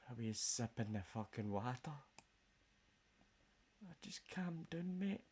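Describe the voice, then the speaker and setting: A man's voice: mid-range voice, animated, unhurried, darkish tone, a little hiss or hum. A Scottish man in a casual, rambling chat full of jokes and swearing. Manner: jokey, rambling, swears a lot. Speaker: vlogger.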